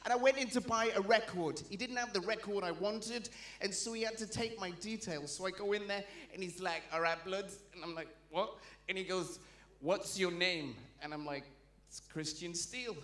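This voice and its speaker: A man's voice: high-pitched, a little fast, a bit bright, reverberant. A man with a Geordie accent doing a stand-up comedy set, chatty and self-deprecating, bantering with the crowd. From Newcastle, England. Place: live comedy venue.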